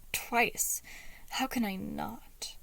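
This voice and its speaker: A woman reading aloud and voicing a sly, smug, deceitful young man, speaking in a hushed, half-whispered way. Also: on the high side, extremely slow, creaky, dry recording, exaggerated voice.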